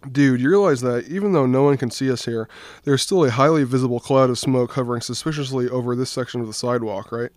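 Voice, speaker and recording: A young man voicing a nervous but good-natured teenage boy, slightly raised in pitch and louder than his narration. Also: fast, no echo, close to an everyday voice. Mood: easygoing.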